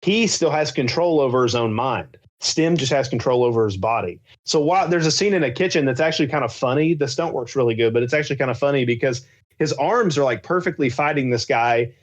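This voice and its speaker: A man's voice: medium pitch, fairly quick. A young man co-hosting a podcast, gushing about films in a casual, rambling way full of fillers. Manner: enthusiastic, rambling with many fillers. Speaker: podcast co-host. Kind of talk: casual chat. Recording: slightly dull lo-fi sound.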